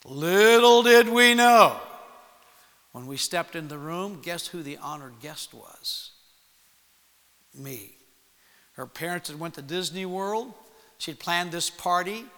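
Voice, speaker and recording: A man preaching, telling a personal story to young people in an animated way and acting out the voices in it. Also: on the high side, a little slow, long pauses. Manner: animated storytelling with acted-out quotes. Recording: long hall reverb.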